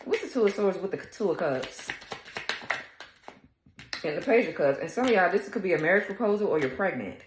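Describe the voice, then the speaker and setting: Female tarot reader, blunt and cussing, lowish voice, roomy echo. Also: expressive, fairly quick, long pauses, a little hiss or hum. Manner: blunt, profane, sassy; talks straight to viewers, laughing at times. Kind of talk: casual tarot reading to viewers.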